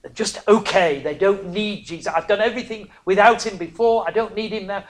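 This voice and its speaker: A preacher, giving a sermon that swings from hushed near-whispers to loud, emphatic cries, broken by chatty, self-mocking asides. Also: medium pitch, a little fast, few pauses. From northern England.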